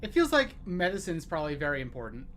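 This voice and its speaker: A woman's voice: low-pitched, big pitch swings, fast, fairly bright tone, slight background noise. A woman playing a game on stream with a friend, chatting casually and thinking aloud about her choices. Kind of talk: casual let's-play chat.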